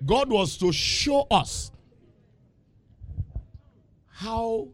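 A male preacher giving a lively sermon, asking the congregation questions and laughing between points. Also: very high-pitched, very slow. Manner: animated, call-and-response questions, laughing asides.

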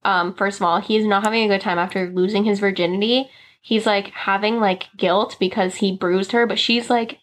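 A young woman guest casually recapping a movie plot, animatedly acting out the characters' lines in quick voices. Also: medium pitch, fairly even intonation. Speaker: podcast guest.

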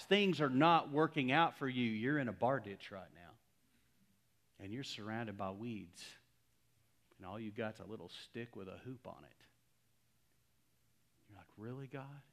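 A middle-aged man preaching a sermon, telling a story and swinging between loud exclamations and hushed, near-whispered lines. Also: medium pitch. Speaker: pastor.

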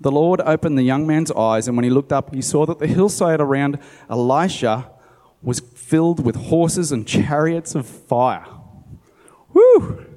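A man delivering a sermon, reading scripture and stopping to muse about it in a relaxed, conversational way. His voice is mellow and warm. A long hall reverb trails behind every line. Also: a little high, normal speed. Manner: conversational, musing aside. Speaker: preacher. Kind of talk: sermon, Bible reading with commentary.

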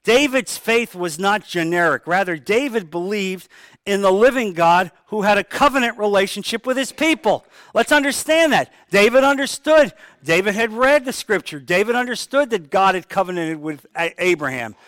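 High-voiced man preaching a sermon. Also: expressive, moderate pace, fairly bright tone, dry recording. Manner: emphatic, repeats key phrases, acts out sample prayers. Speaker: pastor.

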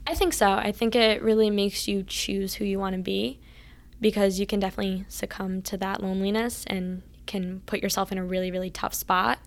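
An earnest woman recounts her college athletic years as an interview guest. Her voice carries a gravelly texture and moves within a narrow, even pitch range. She slips readily into reenacting past conversations. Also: fairly quick. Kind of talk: casual interview storytelling.

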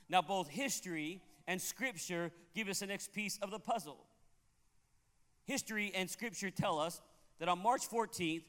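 High-voiced preacher in a reverberant hall. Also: male voice, clear, resonant tone. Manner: emphatic preaching, rising to loud exclamations. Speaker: pastor. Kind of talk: sermon.

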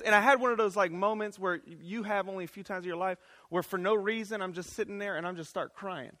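A man preaching a college chapel sermon in a conversational style, swinging between shouted and hushed lines. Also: sits high. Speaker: chapel speaker. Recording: reverberant chapel.

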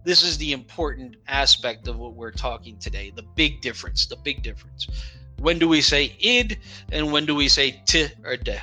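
A man teaching English pronunciation, slowly repeating example words and asking "right?" to check understanding. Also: medium pitch, expressive, pushed and bright, faint music behind. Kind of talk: explaining pronunciation.

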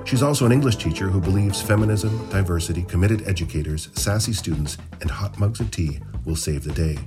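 Guy doing a formal podcast intro, low voice, loud music under him. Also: brisk. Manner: formal, announcer-like. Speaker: podcast host, festival director.

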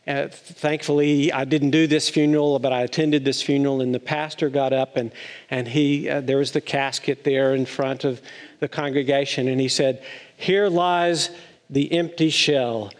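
A man's voice: medium pitch, level tone, moderate pace, in a large hall. A man preaching a chatty, playful sermon to his congregation, telling stories with a light touch. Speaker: pastor. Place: church sanctuary.

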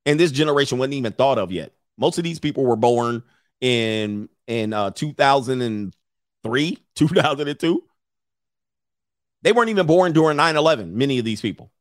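A man's voice: mid-range voice, moderate pace, no room sound, studio quality. A middle-aged man giving casual, profane commentary while reading an article aloud, laughing often and slipping into mocking impressions. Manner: blunt, profane, with frequent laughter; animated, swings into mocking impressions.

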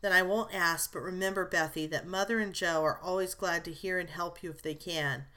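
A woman's voice: fairly low pitch, fairly even intonation, bright, forceful tone. Woman reading a spirited, frank young sister. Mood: tender. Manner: brisk and scolding, tender with her sister. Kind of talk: audiobook character reading.

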